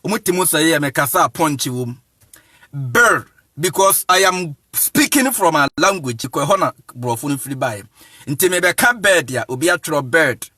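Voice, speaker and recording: A man's voice: on the high side, lively intonation, bright, forceful tone, slightly rough, dry recording, studio quality. A man, an Akan speaker, giving a casual talk as an evangelist, drawing out words for emphasis. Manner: mixes Akan and English, laughs often, drawn-out emphasis. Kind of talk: casual lecture.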